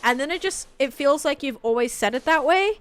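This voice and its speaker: A young woman from Australia with a softened Australian accent, chatting casually with her live stream viewers, rambling and full of "like" fillers. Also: high voice, animated, brisk. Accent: Australian, softened toward American.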